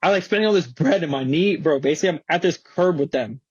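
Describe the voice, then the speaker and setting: Young male skater guest, husky, slangy storyteller, dull dry studio audio. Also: fairly high pitch, quick pace, no room sound. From Florida. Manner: slangy, animated, swearing, many fillers. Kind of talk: casual storytelling.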